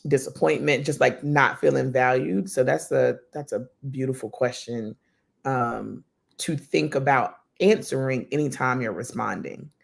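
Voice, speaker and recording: Woman partner on an accountability call, deep gravelly fry, husky, thoughtful and unhurried. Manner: reflective, measured, with many "um" pauses. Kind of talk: casual video-call chat.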